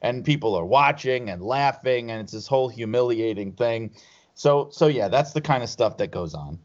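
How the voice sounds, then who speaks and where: A man telling anecdotes in casual podcast chat, meandering and laughing as he talks. The recording sounds a little dull and lo-fi, and his pitch sits right in the middle. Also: expressive, normal speed, a little mellow. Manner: rambling, laughs through anecdotes. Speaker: podcast guest.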